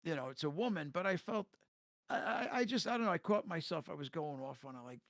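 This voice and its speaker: A man on a voice chat telling rambling, profane stories in a casual, animated way. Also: fairly high pitch, quick pace, no echo, clean studio sound. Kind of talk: casual storytelling. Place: home, voice chat.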